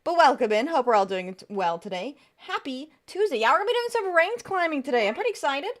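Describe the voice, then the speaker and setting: A woman's voice: sits high, big pitch swings, fast. A woman game streamer chatting in a chatty, upbeat way and reading chat aloud on a live stream.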